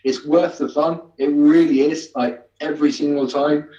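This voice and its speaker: Male guest, halting and hesitant, in an echoey room. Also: fairly high pitch, flat delivery, dark tone. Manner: halting, many fillers and restarts. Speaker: guest, amateur actor. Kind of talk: casual interview chat. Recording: echoey, distant, dull sound.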